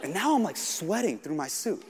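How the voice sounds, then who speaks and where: A man doing stand-up, telling a self-mocking story in an animated way with acted-out quotes. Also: sits high, normal speed. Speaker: stand-up comedian. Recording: live stage mic with audience noise. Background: audience crowd noise.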